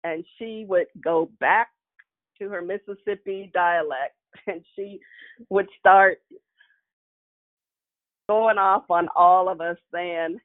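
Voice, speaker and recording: A woman's voice: on the low side, fairly even intonation, slow, long pauses. A woman telling a personal childhood story with frequent chuckles, in a nostalgic way. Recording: tinny phone-like line.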